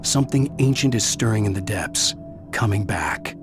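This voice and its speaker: A brooding writer narrates in a measured, grave voice, an actor voicing him low-pitched and deliberate. Each sentence is paced for dramatic weight. Game music plays clearly beneath the narration. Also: male voice, animated, close to an everyday voice. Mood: ominous. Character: brooding adult male writer narrating his story.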